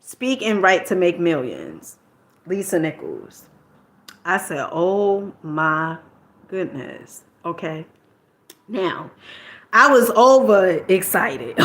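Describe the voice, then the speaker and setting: Chatty animated woman telling a story. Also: mid-range voice, slow pace. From New Jersey, US. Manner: animated, colloquial, peppers talk with "okay?" and mild swearing. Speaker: vlogger telling a personal story. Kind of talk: casual storytelling monologue.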